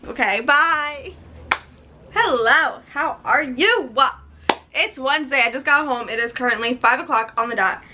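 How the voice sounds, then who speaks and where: A woman's voice: high-pitched, expressive, measured pace, pushed and bright, slight background noise. A woman talking casually in a book vlog, chatty and effusive, with lots of fillers. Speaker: book vlogger.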